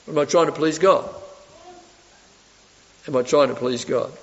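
A man delivers a sermon in a fairly high voice, firing rhetorical questions at his listeners and swinging from forceful emphasis to quiet asides. His voice rings with a long reverb from a church hall. The recording sounds dull and lo-fi. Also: big pitch swings, normal speed, pauses often. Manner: asks the audience rhetorical questions, swings between loud emphasis and soft asides. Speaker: preacher.

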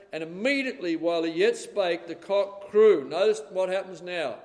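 A man preaching a sermon, swinging between loud dramatic passages and hushed, quiet ones. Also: high-pitched, moderate pace. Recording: long hall reverb.

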